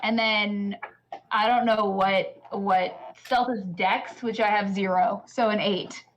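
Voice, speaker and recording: A woman's voice: mid-range voice, steady tone, slow pace, muffled recording, a little hiss or hum. Earnest woman at a tabletop game. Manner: earnest, explains her character's motives. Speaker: player. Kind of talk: casual tabletop game chat.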